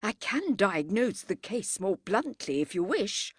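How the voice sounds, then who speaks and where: A woman reading a smug, officious male country doctor who talks briskly and condescendingly. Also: mid-range voice, big pitch swings, husky, no room sound, studio quality.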